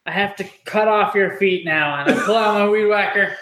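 High-voiced male player, goofy and rambling, roomy sound. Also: moderate pace, a bit bright. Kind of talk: casual tabletop game banter. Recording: echoey room.

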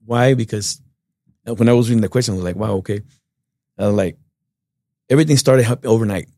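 A middle-aged man from Texas, telling stories in a relaxed, rambling way as an interview guest. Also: medium pitch, quick pace, no echo, clean studio sound. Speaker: guest musician. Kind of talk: casual storytelling interview.

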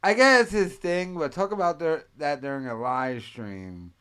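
A man's voice: a little high, measured pace, pushed and bright, clean tone. A man hosting a casual commentary show, rambling and profane, laughing as he talks. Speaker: host.

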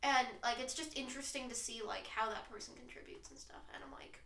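A woman's voice: fairly high pitch, steady tone, brisk, creaky, bright, forceful tone. A young woman co-hosting a podcast in casual chat, full of "like" and little self-deprecating jokes. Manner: chatty, lots of fillers, self-deprecating jokes. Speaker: podcast co-host. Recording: roomy, distant mic.

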